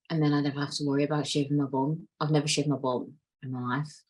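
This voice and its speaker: A woman's voice: low-pitched, flat delivery, fairly quick, darkish tone, slightly rough, rough recording. A woman in her late twenties hosting a solo podcast, chatting candidly and rambling, swearing freely. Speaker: podcast host. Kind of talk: casual solo podcast chat.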